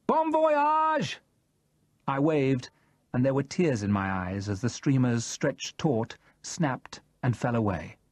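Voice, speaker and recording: A man narrating a novel in the first person, in a measured and expressive manner. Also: medium pitch, no room sound. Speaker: audiobook narrator.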